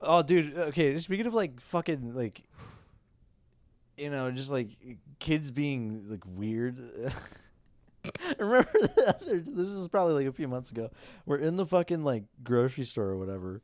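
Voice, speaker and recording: A man's voice: mid-range voice, very animated, unhurried, darkish tone, no echo. A man co-hosting a podcast in casual chat, telling rambling, crude stories full of "like" and laughter. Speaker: podcast co-host.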